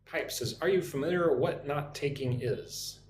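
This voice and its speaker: A young American man teaching English on a live stream, chatting with viewers and repeating phrases slowly for practice. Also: fairly high pitch. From United States. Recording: echoey room with faint noise.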